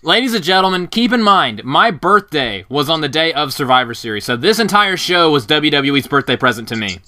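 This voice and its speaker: A man's voice: on the high side, very animated, a little fast, sharp tone. A man co-hosting a wrestling podcast, complaining in a wry, mock-solemn way. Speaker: podcast co-host.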